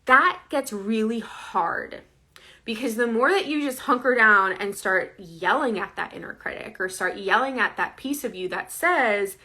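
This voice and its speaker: A woman's voice: fairly high pitch, expressive, measured pace, pushed and bright. A woman coaching viewers in a casual, earnest, conversational way, often checking in with "right?". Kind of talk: casual direct-to-camera advice.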